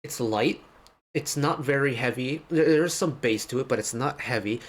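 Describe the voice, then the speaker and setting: A man's voice: medium pitch, normal speed. A man hosting a music reaction video, giving an enthusiastic, detailed breakdown of a song in a casual way.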